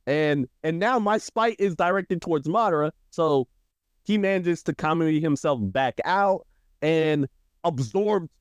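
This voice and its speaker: A man co-hosting a podcast, recapping an anime storyline in a casual, animated way and acting out the characters' lines. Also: a little slow, smooth, no echo. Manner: animated, acts out character quotes with shifting pitch. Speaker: podcast co-host.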